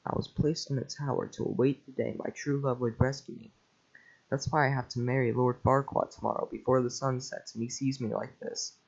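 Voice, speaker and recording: A man's voice: mid-range voice, level tone, fairly quick, creaky, husky. Earnest young princess read by a man, flustered, plain mid voice, lo-fi mic. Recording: lo-fi home mic.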